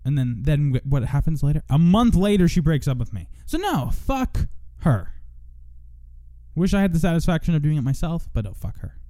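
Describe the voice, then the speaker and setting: Venting solo on his podcast, a young man talks at a moderate pace in a warm, slightly high voice with big pitch swings. He rambles and curses, repeatedly breaking off mid-thought to begin again.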